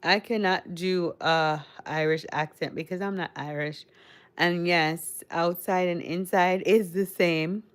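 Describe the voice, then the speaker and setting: This woman's low, smooth voice moves slowly and steadily as she hosts a relaxed livestream. Born in the Caribbean and brought up in Connecticut, she has a mixed Caribbean-American accent and rambles chattily, talking straight to her chat.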